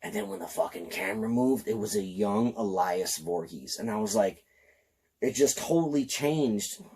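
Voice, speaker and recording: A slightly tipsy man giving an excited, profane, rambling film review. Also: on the low side, slightly rough.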